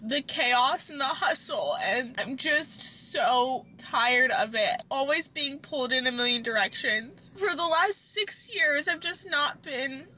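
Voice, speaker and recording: A woman in her thirties on a personal vlog, upset and crying, talking in halting, frustrated bursts with many restarts. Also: high voice, pushed and bright, slight background noise, poor audio. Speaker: vlogger.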